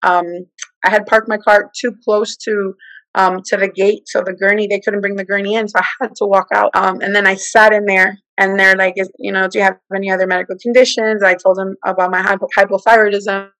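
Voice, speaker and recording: A woman in her forties tells her personal testimony in conversation. She is an animated storyteller who acts out the voices she quotes. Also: mid-range voice, a little fast, no room sound, poor audio. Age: 40s. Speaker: guest.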